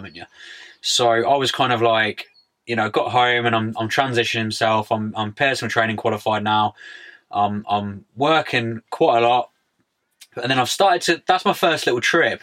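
In a relaxed podcast interview, a young man from the United Kingdom talks casually, full of slang and "mate." His voice is mid-range and sharp in tone.

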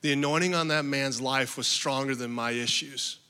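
A man's voice: mid-range voice, fairly even intonation, normal speed, pushed and bright, smooth, big-room sound. A male pastor preaching a sermon to a congregation, emphatic and personal, telling his own story with touches of humor. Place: church hall with a congregation.

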